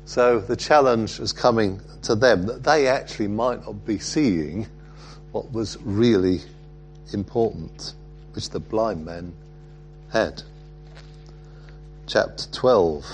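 Slow, low-voiced male preacher. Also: soft background music. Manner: reflective, halting, with frequent fillers. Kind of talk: sermon.

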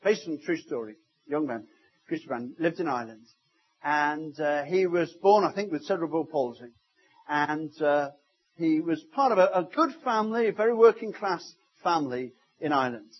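High, husky-voiced preacher man. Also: lively intonation, moderate pace, highs cut off. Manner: storytelling preacher, swinging from loud to hushed. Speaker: pastor. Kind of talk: sermon. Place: church service.

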